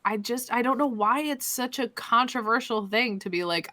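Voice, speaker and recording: A woman's voice: fairly high pitch, normal speed, sharp tone. A young woman co-hosting a casual hockey podcast, swearing freely and ranting with fired-up conviction. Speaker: podcast co-host.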